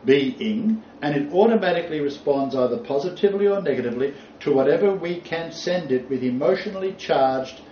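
Teaching scripture to a small group, a man presses his points emphatically and repeats important phrases for emphasis. His pitch is medium and his tone dark. Slight background noise sits in a distant, roomy, dull lo-fi recording.

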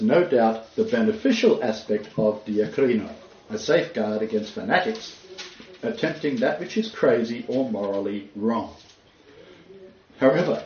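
A man preaching an informal sermon, rambling and halting with chuckling asides. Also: mid-range voice, a little mellow. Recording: roomy, dull church recording.

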